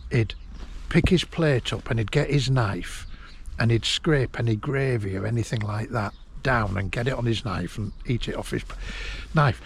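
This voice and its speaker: A man, telling a personal memory in a halting, emotional way and laughing through it, recorded outdoors in a garden. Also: mid-range voice, vocal fry, a little hiss or hum. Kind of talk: casual storytelling.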